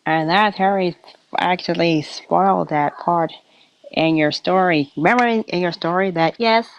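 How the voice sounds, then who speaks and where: Giggly woman hosting a chat, slow and super animated, dull lo-fi dry sound. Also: fairly low pitch. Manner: giggly, playful storytelling. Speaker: host. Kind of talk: casual chat, retelling a fan story. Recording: dull lo-fi recording.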